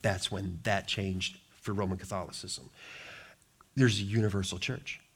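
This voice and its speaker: A man's voice: low voice, fairly even intonation, normal speed, slightly rough. A middle-aged male pastor preaching a sermon with passionate, emphatic delivery and repeated phrases.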